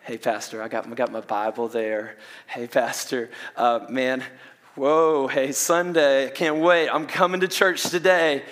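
A man's voice: mid-range voice, fairly even intonation, a little slow, fairly bright tone, pitched below the performer's own voice, close to an everyday voice. A man voicing an eager, casual churchgoer with a Southern US accent, in a large hall with long reverb.

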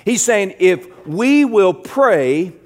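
A middle-aged pastor preaching a sermon, moving from quiet, low passages to loud, emphatic ones, often repeating words as he builds. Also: animated, extremely slow.

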